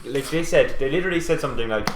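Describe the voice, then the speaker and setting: A teenage Irish lad co-hosting a podcast, telling rambling stories full of "like" fillers. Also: male voice, mid-range voice, lively intonation, very fast, echoey room, background noise. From Ireland. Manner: rambling storyteller, lots of "like" fillers. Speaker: podcast co-host. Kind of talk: casual group chat.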